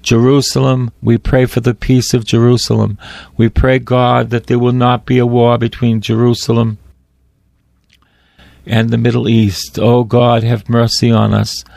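A man's voice: medium pitch, monotone, gravelly, darkish tone, dry recording. A man preaching and praying in a fervent, solemn way, often repeating phrases for emphasis. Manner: fervent, slow and solemn in prayer. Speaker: radio preacher. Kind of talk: prayer and sermon.

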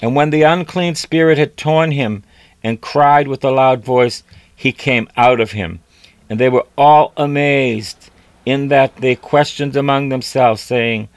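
A man's voice: medium pitch, a little slow, dry recording. A man preaching a sermon, reading scripture aloud and repeating phrases for emphasis.

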